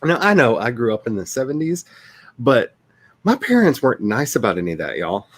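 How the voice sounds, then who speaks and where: A rambling, chatty man with a drawl, in his fifties and talking casually to a livestream audience. His pitch swings widely as he goes. The sound is close and dry, with no room echo. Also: sing-song, fairly quick. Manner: rambling and chatty, laughing often. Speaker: author and streamer.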